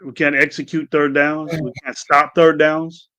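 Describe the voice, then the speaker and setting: A man's voice: a little high, level tone, moderate pace, pushed and bright, no room sound, lo-fi sound. A man co-hosting a sports podcast, talking in a heated, emphatic way and hammering the same phrases. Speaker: podcast co-host. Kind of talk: casual postgame rant.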